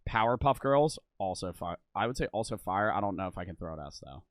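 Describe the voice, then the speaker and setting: A man's voice: on the low side, lively intonation, fast talker. A young man streaming, chatting casually with blunt, profane humor. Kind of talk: casual chat.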